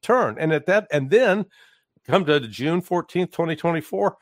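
A man's voice: a little high, animated, dry recording. Emphatic man with a dry, close sound. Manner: emphatic, halting with restarts and fillers. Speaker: guest commentator. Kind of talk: political commentary in conversation.

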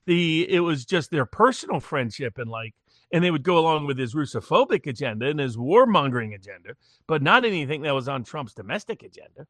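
A man's voice: on the high side, big pitch swings, brisk, a bit bright, no echo. A man giving political commentary in a casual remote talk, with frequent restarts and repeated words as he builds long arguments.

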